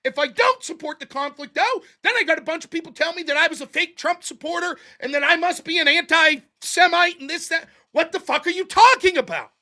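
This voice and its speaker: An American man hosting a political livestream, ranting in an exasperated, profane, animated way. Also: extremely high pitch, fairly quick, hardly any pauses. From United States. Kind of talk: ranting commentary.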